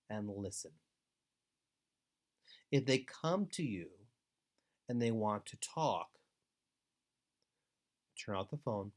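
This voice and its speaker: A man giving an instructional webinar talk to foster parents, earnest and deliberate, with steady advising emphasis. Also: lowish voice. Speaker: foster care trainer.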